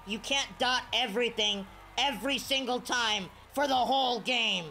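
A young man giving live commentary over his own gameplay, swinging from quiet mutters to sudden shouts. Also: extremely high pitch, moderate pace, a little hiss or hum. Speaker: gaming video creator.

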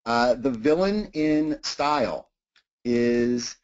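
A man's voice: medium pitch, lively intonation, drawn-out words. A man giving an academic talk on teaching writing, thinking aloud with many "uh"s and repeated words. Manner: frequent "uh" and repeated words, thoughtful. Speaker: lecturer. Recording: dull lo-fi recording.

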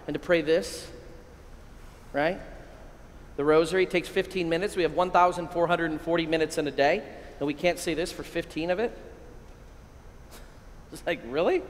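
A middle-aged American priest giving an excitable, energetic keynote talk to a men's conference, with sudden loud bursts. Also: male voice, high voice. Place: large hall at a conference. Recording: echoey hall, long reverb.

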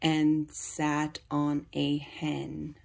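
A woman reading a children's picture book aloud for young readers, in a deliberate, carefully paced storybook manner. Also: low-pitched, monotone, vocal fry, darkish tone, slight background noise.

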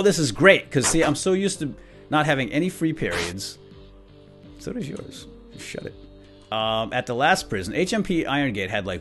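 A man hosting a video game let's play, casually commenting and playfully bantering with the characters. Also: medium pitch. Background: game music.

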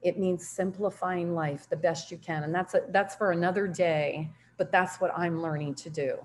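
A middle-aged woman giving a motivational training talk on network marketing, telling stories in an upbeat, animated way with frequent laughter. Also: fairly low pitch, moderate pace, slight background noise.

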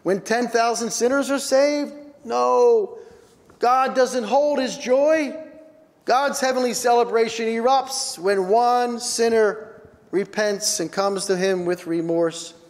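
A man preaching a sermon as pastor, earnest and emphatic, lifting his voice on key lines. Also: extremely high pitch. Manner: earnest, slow, rising emphatic delivery. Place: church sanctuary. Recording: long church hall reverb.

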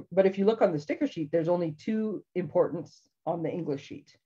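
A woman's voice: lowish voice, moderate pace, warm tone, breathy edge, dull audio. A woman hosting a casual live craft demonstration from her home craft room, chatty and rambling, laughing often. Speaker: craft show host.

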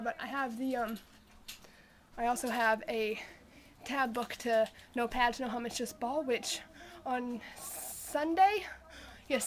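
Brief: young female vlogger, high-pitched and bright, bubbly rambling fan chatter, filmed at home in her bedroom. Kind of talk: casual vlog chat.

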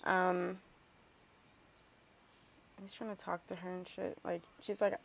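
A woman's voice: on the low side, takes it slowly, creaky, pauses often, dry recording. A woman hosting a let's play, chatting casually and rambling through her gameplay with lots of filler words and remarks aimed at the characters. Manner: animated, talks back to game characters.

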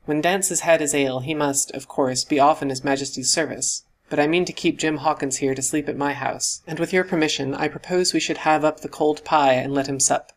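Measured, dry-witted country doctor, as a male narrator puts him on, a little raised in pitch. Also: fairly even intonation, close to an everyday voice. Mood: composed.

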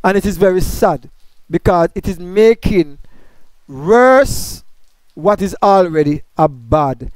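A man's voice: high-pitched, expressive, takes it slowly, clear, resonant tone, no room sound. A man teaching a Bible study, explaining grammar point by point and asking questions that he answers himself.

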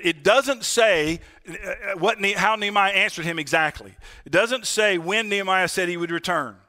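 A man with a high voice preaches to his church. His tone is bright and forceful, and he talks to the congregation as friends. He keeps checking in with them for an "Amen.". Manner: conversational, addresses the congregation as "friends"; asks for "Amen?" responses. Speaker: pastor. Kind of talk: sermon.

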